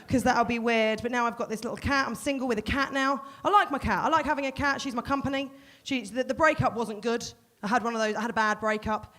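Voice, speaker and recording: A woman's voice: on the high side, fairly bright tone. A woman from Portsmouth, performing a self-deprecating stand-up set at a live comedy venue. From Portsmouth, England. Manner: quick self-deprecating storytelling.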